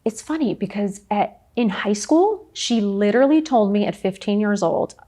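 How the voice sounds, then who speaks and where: A middle-aged woman talking frankly as a podcast guest, telling her story with lively acted-out quotes. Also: medium pitch, moderate pace. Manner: frank, animated storytelling, often acts out quotes. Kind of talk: candid interview conversation.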